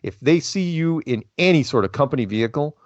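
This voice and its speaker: A man hosting a call-in show, talking casually in a rambling, animated way and often restarting his sentences. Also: a little high, quick pace, no echo. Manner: rambling, animated, self-interrupting. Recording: dull, lo-fi phone-style sound.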